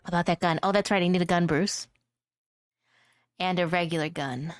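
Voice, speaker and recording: A woman's voice: fairly low pitch, fairly even intonation, normal speed, smooth, dry recording, clean studio sound, soft background music. A woman streamer chatting casually and playfully while drawing, rambling from one joke to the next and laughing often. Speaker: vtuber streamer.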